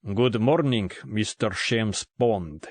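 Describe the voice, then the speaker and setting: In an audiobook, a male narrator puts on a sniggering Russian gunman with a thick Russian accent, drawling slow broken English. The voice drops a little lower and sounds different from the narrator's own, with good-humoured menace and blunt commands. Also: no room sound. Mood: mocking. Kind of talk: audiobook character voice.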